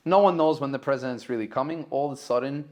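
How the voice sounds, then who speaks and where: A man with a New York accent, a caterer telling a story as a podcast guest and acting out the dialogue in excited, raised voices. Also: mid-range voice, fast talker. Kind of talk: animated storytelling.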